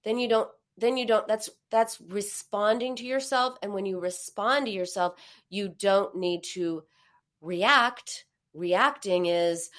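A woman's voice: mid-range voice, slow pace. Reassuring woman host giving advice. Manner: warm, reassuring, acts out comforting quotes. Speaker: host and therapist. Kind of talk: live-streamed advice conversation.

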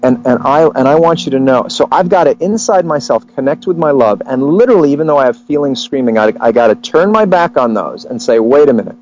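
A man hosting a casual conversation about relationships, telling stories with lively voices for the people he quotes. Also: medium pitch, a little fast, hardly any pauses, muffled recording. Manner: animated storyteller, acts out quotes.

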